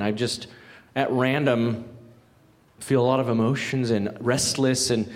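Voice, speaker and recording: A man's voice: mid-range voice, fairly even intonation, normal speed. Folksy conversational male preacher. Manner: folksy, conversational, joking asides. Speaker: guest pastor. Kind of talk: sermon. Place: church sanctuary.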